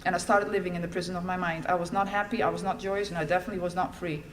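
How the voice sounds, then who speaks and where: A woman's voice: lowish voice, steady tone, racing, slight background noise. A middle-aged woman from the Netherlands, giving a candid, wry personal testimony as a speaker at a recovery meeting.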